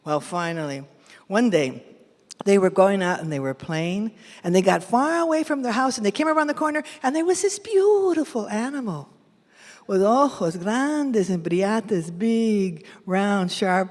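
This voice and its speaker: A woman from San Jose performing a bilingual folk tale live, animated and mixing Spanish with English. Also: medium pitch, moderate pace. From San Jose, California. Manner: animated, switches between Spanish and English phrases. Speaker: storyteller. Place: large event hall. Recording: echoey hall from a live event.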